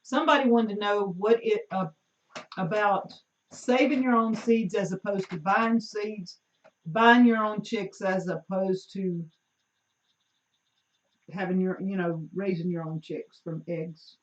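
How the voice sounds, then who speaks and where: A woman's voice: mid-range voice, fairly even intonation, a little slow. A woman co-hosts a homestead live stream with a giggly, teasing manner, reading out comments from viewers. She is heard from across the room, and the sound is echoey and muffled. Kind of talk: casual live-stream chat. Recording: distant, roomy, muffled sound.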